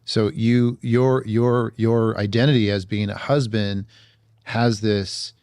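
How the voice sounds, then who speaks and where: A man with a low, gravelly voice speaks thoughtfully in a candid roundtable. The sound is dry and close. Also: steady tone, slow, darkish tone, dry recording. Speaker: roundtable guest.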